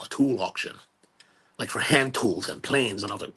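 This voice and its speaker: Gravelly, husky-voiced man chatting casually. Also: mid-range voice, fast, a bit bright. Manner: rambling and self-deprecating, with trailing restarts. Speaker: livestream host. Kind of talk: casual chat, reading viewer comments aloud.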